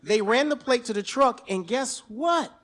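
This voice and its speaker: High-voiced man telling a story. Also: normal speed. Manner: animated, profane, breaks into shouting. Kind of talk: live stage storytelling. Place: stage at a live storytelling event.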